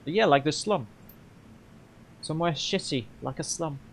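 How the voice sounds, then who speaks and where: A man's voice: fairly high pitch, unhurried, a little hiss or hum, poor audio. A man with a Polish accent voicing a small, blunt female orc companion in a video game. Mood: offhand.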